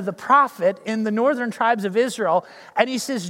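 High-voiced preacher in a big echoing hall. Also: male voice, normal speed. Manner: animated storytelling, acting out characters' lines. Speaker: pastor. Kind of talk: sermon.

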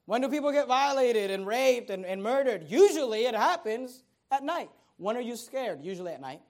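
High-voiced man preaching a sermon. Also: sing-song, normal speed. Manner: conversational preaching, rhetorical questions, rising loud emphasis. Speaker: pastor.

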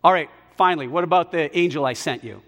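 Preacher doing god asking quick dry questions, highish voice, echoey hall. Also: male voice, fairly bright tone. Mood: questioning. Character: patient questioning God, male.

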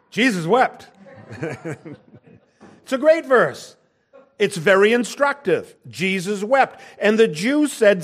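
A middle-aged man preaching a sermon, swinging from hushed asides to loud emphatic lines. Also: high-pitched. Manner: dynamic preaching with wide swings in volume, from near-whispers to loud emphasis.

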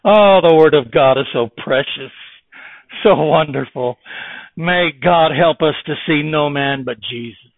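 A man preaching a sermon with impassioned delivery that swings between loud emphasis and hushed tones. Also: on the high side, unhurried, vocal fry, dry recording. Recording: tinny phone-like, dry.

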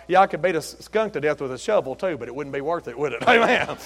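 A middle-aged preacher with a slightly high, gravelly voice. He tells folksy, joking stories from the pulpit and keeps the sermon light and lively. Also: fast, hardly any pauses. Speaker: pastor.

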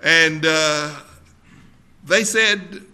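Male pastor, sermon delivery; slow, deliberate, bright and forceful tone, emphatic repeats. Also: on the high side, smooth.

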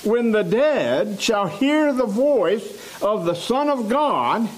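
A man preaching a sermon in a church, slow and emphatic, repeating phrases for stress. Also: sits high, big pitch swings, a little hiss or hum, low-quality recording.

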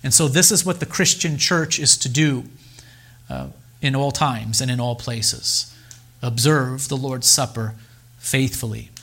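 A male pastor preaching a sermon in a deliberate, emphatic way, with pauses and repeated phrases. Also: medium pitch, a bit bright.

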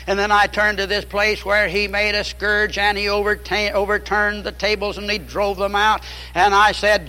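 A man's voice: high-pitched, flat delivery, normal speed, sharp tone, in a large hall, poor audio. A man preaching a fiery sermon, emphatic and repeating key phrases.

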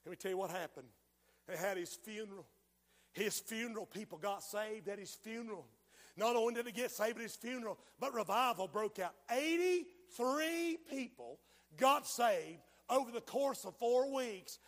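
A man preaching a fiery sermon, dropping to a hush and then rising to shouts. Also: high-pitched, lively intonation, moderate pace, in a large hall. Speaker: pastor. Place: church sanctuary.

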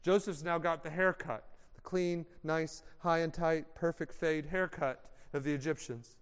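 High-voiced preacher in a reverberant hall. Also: male voice, a little slow, smooth. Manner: animated, dramatic, casual slang. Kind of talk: sermon storytelling.

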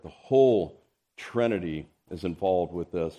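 A man preaching a sermon, reading scripture aloud in an expressive, rising and falling delivery. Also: fairly low pitch, normal speed. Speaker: pastor.

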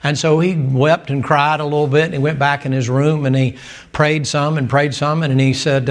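A man's voice: fairly high pitch, steady tone, moderate pace. A man preaching a sermon in a folksy storytelling manner with emphatic asides.

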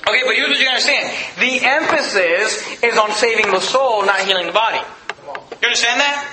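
A male pastor preaching a sermon in an emphatic, conversational way with quick asides. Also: very high voice, animated, roomy sound, noisy background.

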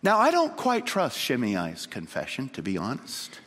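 A man preaching a sermon, telling a story dramatically and swinging from loud to hushed. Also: mid-range voice, huge pitch swings, normal speed. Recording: long hall reverb.

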